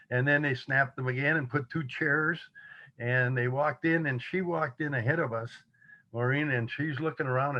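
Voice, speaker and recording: A man in his seventies, a guest telling stories from his past in a casual, animated way, chuckling as he acts out the voices of others. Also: medium pitch, lo-fi sound. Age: 70s. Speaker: interview guest. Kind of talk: casual storytelling.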